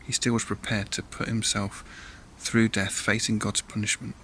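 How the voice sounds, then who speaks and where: A man's voice: fairly low pitch, level tone, normal speed, sharp tone, slight background noise. A man leading a church all-age talk, telling a Bible story in a chatty way with asides to listeners and acted voices.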